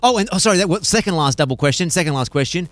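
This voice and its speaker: Male interviewer, friendly banter, higher-pitched, dry close mic with faint music. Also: animated, very fast, fairly bright tone, dry recording. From Australia. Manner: chummy, laughs easily, bantering. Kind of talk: casual press interview.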